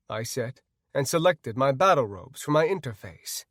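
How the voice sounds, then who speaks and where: A man narrating a fantasy audiobook in the first person, in an expressive way. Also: medium pitch, normal speed, no echo, studio quality.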